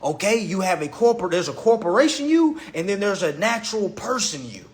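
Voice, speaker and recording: Brisk and high-voiced with big pitch swings, this man runs a phone livestream. His casual rant is a profane, mocking lecture that keeps repeating the same things.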